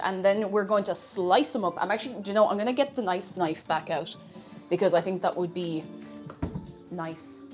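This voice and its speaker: Chatty Irish woman, lively pitch. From Ireland. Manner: chatty, reads chat aloud, laughs often. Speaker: streamer. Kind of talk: casual live-stream chat while cooking.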